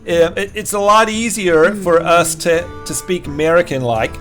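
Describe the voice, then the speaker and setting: A man's voice: high-pitched, normal speed, faint music behind. A man from New Zealand with a Kiwi accent tinged with Australian, commenting on a card game while chatting with viewers. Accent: New Zealand with some Australian. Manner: lively, chatty, rises when excited. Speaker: streamer. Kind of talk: game stream commentary with chat.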